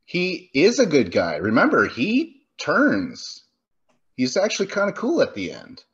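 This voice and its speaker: A man co-hosting a podcast, rambling and animated in a casual movie review chat. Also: a little high, a little slow, husky, highs cut off. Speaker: podcast co-host.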